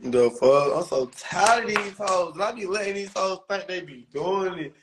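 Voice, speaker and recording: A man's voice: high voice, lively intonation, normal speed, background noise. A young man in a comedic, profanity-heavy rant, with exaggerated mocking impressions.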